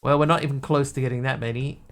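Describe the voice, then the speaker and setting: Gravelly-voiced man musing through a game. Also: medium pitch, fairly even intonation, fast. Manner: rambling, talks to himself while playing. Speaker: streamer. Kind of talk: casual gameplay commentary.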